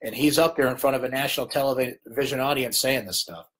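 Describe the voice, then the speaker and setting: A man's voice: medium pitch, brisk, a bit bright, a little hiss or hum. A middle-aged man hosting a live late-night sports chat, ranting in exasperation at TV commentators, then wrapping up the show.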